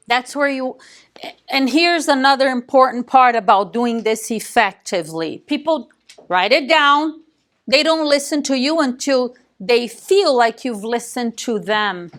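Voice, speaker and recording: A woman coaching a live sales class, emphatic and direct, often quizzing her listeners with quick questions and a dry joke. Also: high-pitched, animated. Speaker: real estate sales coach.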